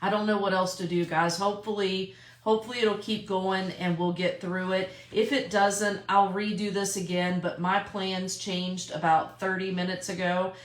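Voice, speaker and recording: A woman's voice: mid-range voice, flat delivery, normal speed, reverberant. A woman talking casually and emphatically to her sales team in a live video from her car, repeating her key points. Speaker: direct sales team leader.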